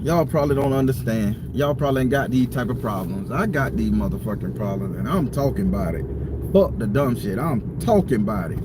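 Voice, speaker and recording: A man's voice: medium pitch, very animated, normal speed, background noise. A man hosting a live stream from a parked car, venting in a heated, profane rant. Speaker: tarot reader and channel host.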